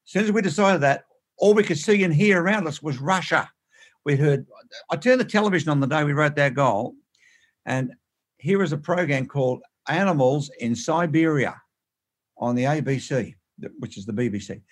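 A man's voice: a little high, expressive, moderate pace. A man, a guest in an interview, telling anecdotes in an emphatic way, often repeating words and restarting phrases. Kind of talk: animated anecdotal storytelling.

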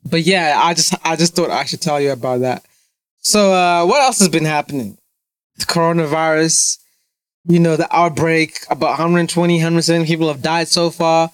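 A man's voice: a little high, normal speed, smooth, no room sound. Blunt young man ranting casually. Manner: blunt, profane, ranting with frequent restarts. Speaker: vlogger. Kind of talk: casual monologue to camera.

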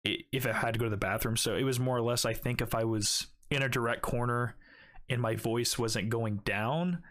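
A man's voice: mid-range voice, a little fast, fairly bright tone. A young man co-hosting a podcast, telling crude stories in casual chat with lots of laughing. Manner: crude, laughing, storytelling with put-on quotes. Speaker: podcast co-host.

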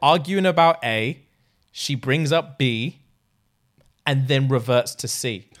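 A man's voice: medium pitch, slow. A young man, ranting in casual podcast chat, slangy and full of swearing. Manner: profane, animated ranting, slangy.

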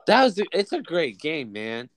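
A man's voice: on the high side, huge pitch swings, normal speed, dry recording. A young man hosting a podcast in casual chat, joking and teasing with plenty of swearing. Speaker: podcast host.

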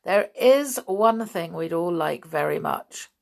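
Woman voicing a teenage boy, polite, mysterious, gravelly. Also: lowish voice, animated, takes it slowly, exaggerated voice.

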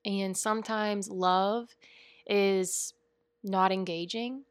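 A woman's voice: medium pitch, steady tone, slow pace, clear, resonant tone, dry recording. Woman doing a spiritual podcast, earnest and chatty, wanders off on tangents, dry close sound. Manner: earnest, chatty, rambling with frequent asides. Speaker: podcast host, spiritual coach. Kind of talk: casual spiritual podcast monologue.

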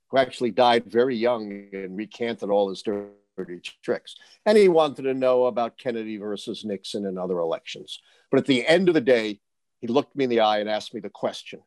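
Older man, seasoned forecaster, punchy anecdotal delivery, mid pitch, close dry mic. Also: no room sound. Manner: lively storyteller, punchy asides. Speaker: guest, election forecaster. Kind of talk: storytelling interview answers.

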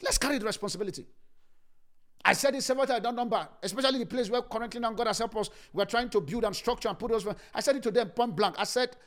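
A man preaching a sermon as pastor, emphatic and repeating key phrases, swinging between loud and hushed delivery. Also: very high voice, fast.

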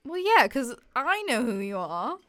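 A woman's voice: on the high side, sing-song, a little slow. A young woman hosting a casual podcast, chatty and teasing with her guest. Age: young adult. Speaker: podcast host.

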